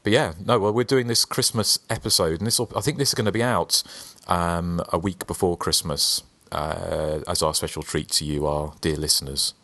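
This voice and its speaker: Male podcast host, very low voice, dry close mic, teasing. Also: moderate pace, hardly any pauses, fairly bright tone, no room sound. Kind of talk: casual chat.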